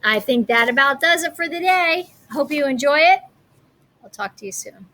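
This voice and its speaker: A woman teacher reading a picture book aloud and leading a lesson, chatty and animated. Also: sits high. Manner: chatty and animated, slows down to read alliterative lines.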